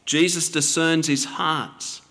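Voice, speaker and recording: A male preacher delivers a sermon at a very unhurried pace, leaving space between his phrases. His manner is measured and gently instructive. The voice carries a long reverb, as if it fills a large hall. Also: on the high side, fairly even intonation.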